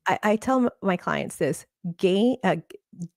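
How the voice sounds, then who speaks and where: A woman's voice: medium pitch, animated, unhurried, vocal fry, no room sound, studio quality. A woman therapist, a guest on a podcast, talking in an earnest, encouraging way. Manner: earnest, encouraging, laughs often. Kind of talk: casual interview talk.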